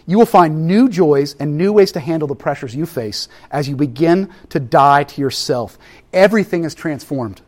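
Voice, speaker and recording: A man preaches with lots of movement in his voice, climbing high for emphasis and then sinking low and quiet. His delivery is casual and talky, like he is chatting with the congregation. He sits a little above the usual pitch for a man. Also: normal speed. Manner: animated, conversational preaching with big swings from loud to hushed. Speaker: pastor. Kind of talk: sermon.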